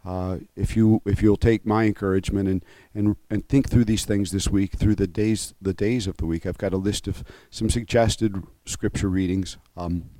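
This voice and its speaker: A man's voice: on the low side, fairly even intonation, normal speed, few pauses, warm tone, no echo. A male pastor giving a conversational sermon. He is earnest and openly moved, and he often halts, restarts and adds asides.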